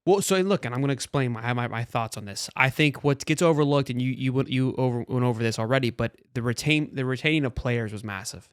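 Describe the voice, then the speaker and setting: A man hosting a sports talk show, talking in a casual, animated way with frequent restarts. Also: mid-range voice, smooth, no echo, clean studio sound. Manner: animated, talks fast with restarts.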